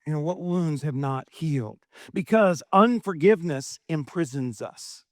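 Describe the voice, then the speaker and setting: A man's voice: a little high, expressive, unhurried, no room sound, clean studio sound. A middle-aged male pastor preaching a sermon, asking rhetorical questions and often adding "right?".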